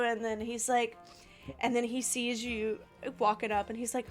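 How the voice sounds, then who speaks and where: A woman's voice: fairly high pitch, little pitch movement, measured pace, a bit bright, soft background music. A woman narrating as game master in a casual, laughing way. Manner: laughs often, casual with fillers. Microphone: home mic on a livestream.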